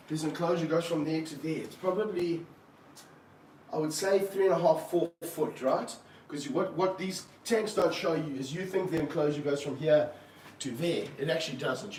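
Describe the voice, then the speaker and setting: In an indoor room full of snake enclosures, a man with a fairly high voice keeps up live-stream commentary while holding a snake. His delivery flips between excitement and low grumbles, and he comes across distant from the microphone in the roomy space, a faint hum underneath.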